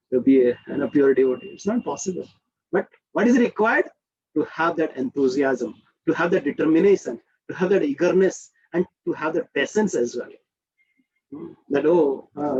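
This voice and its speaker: A man with an Indian accent leading a devotional group session, teaching in an animated, conversational way. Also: high voice, brisk, husky, highs cut off. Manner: animated, leans on conversational tags and checks in with listeners. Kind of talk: informal spiritual teaching talk.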